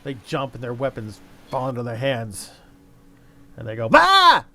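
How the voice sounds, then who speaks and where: A man's voice: mid-range voice, fairly even intonation, moderate pace. A man narrating as game master of a tabletop game in a loose, hesitant way.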